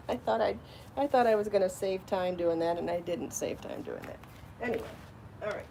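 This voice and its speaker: A woman hosting a live crafting show, chatty and enthusiastic, out of breath from rushing around and trying on garments. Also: mid-range voice, creaky, warm tone, slight background noise. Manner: chatty and enthusiastic, laughs at herself. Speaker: podcast host showing her yarn designs. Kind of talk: casual live show chat.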